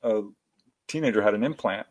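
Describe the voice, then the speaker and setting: A man telling personal stories as a guest in a casual interview, animated and laughing often. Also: lowish voice, brisk.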